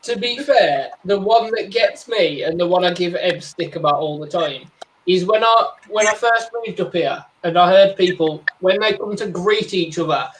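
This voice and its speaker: A man's voice: sits high, normal speed, a bit bright. A man, chatting casually with restarts and stories. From West Midlands, England. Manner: chatty, storytelling, stammering restarts. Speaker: tarantula keeper and channel host. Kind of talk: casual chat on a video call. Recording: noisy background hiss.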